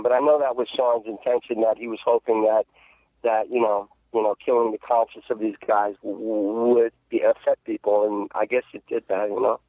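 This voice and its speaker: A man who works as an actor, answering interview questions in a casual, halting way, with many restarts, fillers and frequent laughs. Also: fairly low pitch, level tone, dry recording. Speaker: actor guest. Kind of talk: phone interview, casual storytelling. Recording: tinny phone line.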